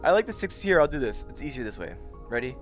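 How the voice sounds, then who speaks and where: A tired young VR streamer chats casually on a late-night livestream, yawning, rambling, and greeting people in his chat by name. His medium-pitched voice is very animated and fast, with soft music in the background.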